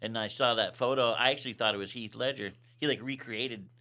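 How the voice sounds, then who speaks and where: A man's voice: mid-range voice, brisk, bright, forceful tone. A man hosting a podcast in casual chat, reacting eagerly with amazement. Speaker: podcast host.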